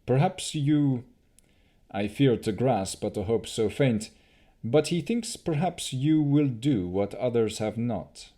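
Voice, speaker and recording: A man's voice: medium pitch, lively intonation, slow pace, warm tone. A man reading an audiobook, voicing a grave male elf leader who speaks solemnly and apologetically.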